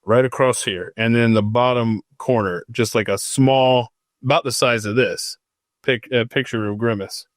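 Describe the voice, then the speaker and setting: A man's voice: medium pitch, steady tone, moderate pace, no room sound. Man hosting a casual podcast, rambling and self-mocking, dry close sound, mid-range voice. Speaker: podcast host. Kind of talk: unscripted casual chat.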